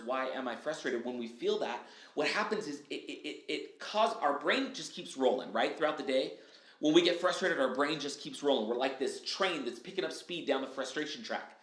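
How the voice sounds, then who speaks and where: A man speaking as a podcast guest, upbeat and animated, acting out his own quotes and often asking "right?" and saying "dude.". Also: mid-range voice. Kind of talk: casual podcast chat. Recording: echoey room.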